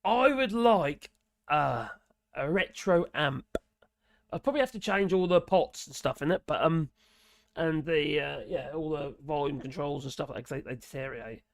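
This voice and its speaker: Hoarse, gravelly Norfolk man chatting. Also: on the high side, normal speed, no echo, studio quality. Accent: Norfolk English. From Norfolk, England. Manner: rambling, chatty, muttering asides. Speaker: livestream host reading chat. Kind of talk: casual live-stream chat.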